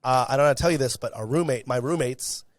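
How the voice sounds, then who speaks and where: A young man being interviewed, telling a story in a lively, casual way and acting out the voices of the people in it. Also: mid-range voice, quick pace, no echo, clean studio sound. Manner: animated, acts out quoted dialogue. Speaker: guest, content creator.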